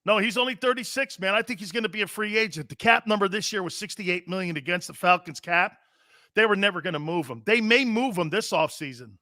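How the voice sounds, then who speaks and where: A middle-aged man hosts a sports talk show, reading viewer comments and hollering back at them with loud, teasing laughter. His voice is high and lively in intonation, fairly quick, with clean studio sound and no echo.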